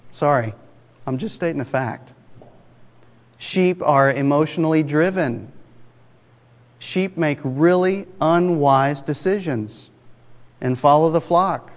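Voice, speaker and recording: Preacher with a twang, echoing hall. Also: male voice, a little high. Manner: conversational, emphatic, asks the congregation rhetorical questions. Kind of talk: sermon. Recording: long reverb of a large hall.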